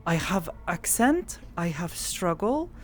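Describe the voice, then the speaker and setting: A woman role-playing an earnest young woman who speaks in halting, broken phrases. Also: fairly low pitch, big pitch swings. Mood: puzzled. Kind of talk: game role-play. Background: background music.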